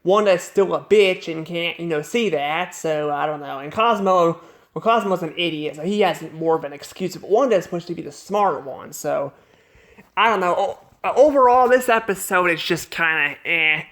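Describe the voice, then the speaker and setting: A man casually reviewing a cartoon episode off the cuff, rambling and halting, restarting his sentences and repeating words. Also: fairly high pitch, fairly bright tone.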